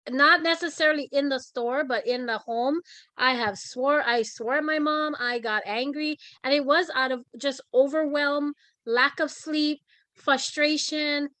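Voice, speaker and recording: A woman's voice: high voice, steady tone, measured pace, sharp tone, no room sound. A woman hosting a talk show interview, speaking frankly and affirming her guests.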